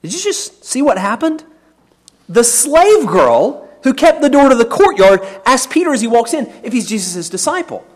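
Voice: mid-range voice, sing-song, moderate pace, darkish tone. A Bible teacher giving a sermon, explaining a passage with emphasis and often repeating words.

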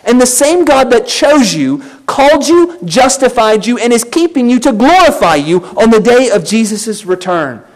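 A man's voice: extremely high pitch, sing-song, normal speed, hardly any pauses. A man preaching a sermon, emphatic and exhorting his listeners directly. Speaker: pastor.

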